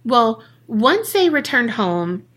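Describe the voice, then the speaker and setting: Woman podcast host, bright voice, animated, cusses while she tells the story. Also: fairly high pitch, slow. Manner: animated, swearing, acts out quoted people in slang. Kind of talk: casual storytelling chat.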